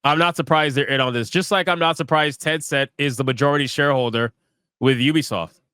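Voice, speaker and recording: A man's voice: fairly high pitch, fairly quick, pushed and bright, smooth, no echo, studio quality. Sarcastic crude-talking man. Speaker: streamer reacting to a video. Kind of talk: live stream reaction commentary.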